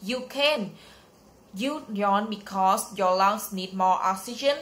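A woman reading aloud the lines of a patient schoolteacher in a children's story, explaining things slowly and carefully, with the odd slip. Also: medium pitch, a bit bright. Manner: slow, careful read-aloud delivery with small slips. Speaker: teacher.

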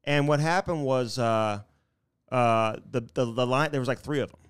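A man's voice: mid-range voice, moderate pace, clean tone. A man co-hosting a podcast in casual banter, teasing his partner and telling rambling stories. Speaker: podcast co-host.

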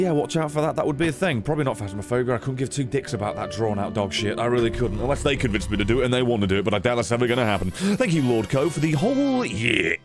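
A man streaming a card game, giving casual commentary, swearing often and breaking into sudden high squeals.

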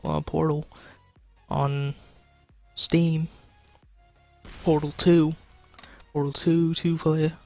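Young man, gravelly voice, slow drawl, frustrated game commentary with swearing, music behind. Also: fairly high pitch, no echo. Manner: swearing, frustrated, joking, talking to chat. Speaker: gaming YouTuber. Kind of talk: casual gameplay commentary.

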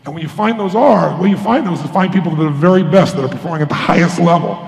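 A man's voice: a little high, animated, fast, gravelly. A man giving a motivational keynote talk to a live audience, telling stories and acting out the voices of people in them. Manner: storytelling, acts out quoted voices. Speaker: motivational speaker. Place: large conference hall. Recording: echoey hall with faint ambience.

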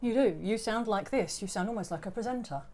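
A woman's voice: mid-range voice, quick pace, background noise. A woman co-hosting a casual podcast chat, bantering in a teasing, giggly way. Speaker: podcast co-host.

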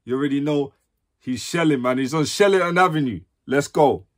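A man's voice: fairly high pitch, fairly quick, very noisy. A man from London with a London accent, hosting a music reaction video with hyped, slangy commentary.

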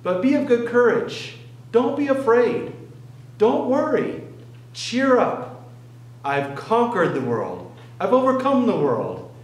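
A man's voice: on the high side, wildly swooping pitch, unhurried, roomy sound, poor audio. A man voicing Jesus encouraging his followers not to be afraid. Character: Jesus, calm and reassuring to his disciples.

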